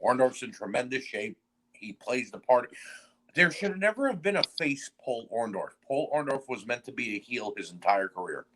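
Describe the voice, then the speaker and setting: A man's voice: medium pitch, lively intonation, moderate pace, fairly bright tone, a little hiss or hum, low-quality recording. A man in casual podcast chat who chimes in often to agree and swears freely.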